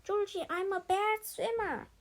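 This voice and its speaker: A woman's voice: high voice, expressive, a little slow, mellow, rough recording. A woman voicing a clingy, dramatic young schoolgirl who squeals and pleads breathlessly. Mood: panicked.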